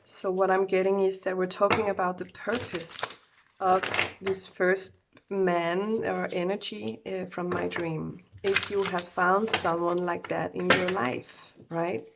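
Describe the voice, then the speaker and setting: A woman who has just woken up does a loose, unprepared oracle card reading. Her voice sits fairly low with a gravelly fry, and she talks slowly, stumbling and correcting herself as she goes. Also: little pitch movement, noisy background. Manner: hesitant, loose, full of fillers and self-corrections.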